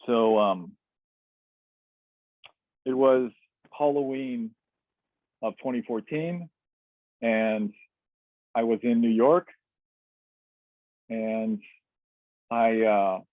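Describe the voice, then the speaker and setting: Low-voiced man recounting his story candidly. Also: very slow, pauses often, dry recording. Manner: candid and reflective, with frequent fillers and restarts. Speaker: webinar guest. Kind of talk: personal storytelling. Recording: tinny dry webinar audio.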